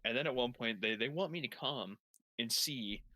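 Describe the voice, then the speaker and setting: A man's voice: medium pitch, normal speed, bright, forceful tone, no room sound. A young man telling a long story while playing a game, rambling, swearing heavily and restarting his sentences. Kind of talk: casual profane storytelling while gaming.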